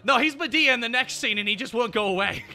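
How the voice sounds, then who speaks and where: Bright, animated male streamer. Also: very high-pitched, fast. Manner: animated and excitable, laughs a lot, swears casually. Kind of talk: casual chat.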